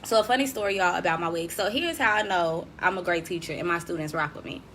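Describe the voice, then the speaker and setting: Young woman host, casual livestream chat, slangy and animated, faint background hiss. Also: on the low side, quick pace. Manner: lively, slangy, laughs often, addresses viewers directly. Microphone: desk mic.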